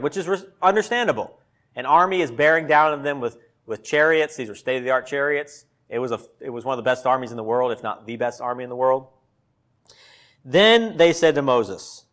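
A man's voice: mid-range voice, expressive, moderate pace, a bit bright. A man preaching a sermon in a conversational way, acting out quotes with a sarcastic tone. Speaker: pastor.

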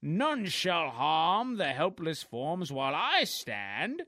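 Man playing a pompous lifeguard hero, slow, grand, mock-archaic. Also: fairly high pitch, wildly swooping pitch, sharp tone, dry recording, clean studio sound, full character voice. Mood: grandiose. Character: pompous heroic male lifeguard, booming old-fashioned speech.

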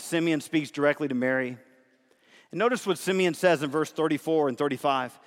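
A man preaching a sermon as a pastor, emphatic and conversational, animated in his delivery. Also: on the high side, fairly quick. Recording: long hall reverb.

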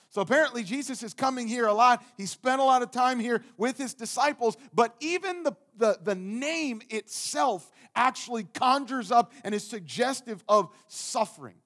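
A man preaching a sermon in an earnest way, swinging from loud, emphatic bursts down to hushed, soft passages. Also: extremely high pitch. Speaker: pastor.

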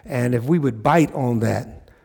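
A man's voice: mid-range voice, a little slow, gravelly, darkish tone, slightly rough. A pastor preaching a sermon, emphatic, repeating phrases and checking in with his listeners.

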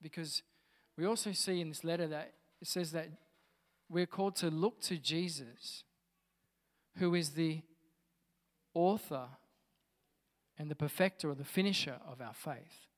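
A man's voice: a little high, a little slow, pauses often, big-room sound. A man, a pastor, preaching a sermon in a conversational way with casual asides.

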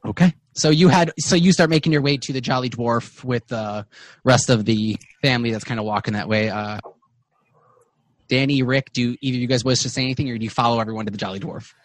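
A man narrating as game master in a tabletop game, pausing often with fillers. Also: medium pitch. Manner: halting, many fillers, trails off.

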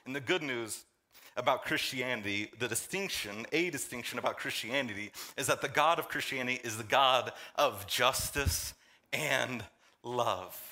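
Bright-voiced preaching man. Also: mid-range voice, moderate pace. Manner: animated preaching, jokes with the congregation, swings from loud to soft. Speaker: pastor. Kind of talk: sermon.

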